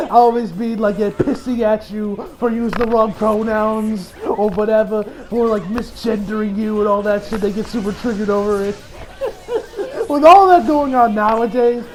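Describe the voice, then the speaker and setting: A man with a high voice talks through an anime episode in casual review style. He rambles, restarts his sentences, and laughs often. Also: moderate pace, background noise.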